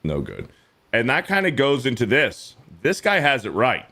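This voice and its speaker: Podcast host, male, blunt and profane, mid-pitched, given to mocking impressions. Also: wildly swooping pitch, normal speed, bright, forceful tone. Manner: blunt, profane, mimics others in high mocking voices. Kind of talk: casual podcast chat.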